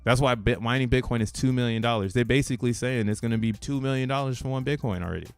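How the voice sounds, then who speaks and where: A man's voice: medium pitch, fast talker, clean tone, dry recording, soft background music. A man hosting a crypto channel who talks casually over a chart, slangy and rambling and laughing between points. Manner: rambling, restarts thoughts mid-sentence.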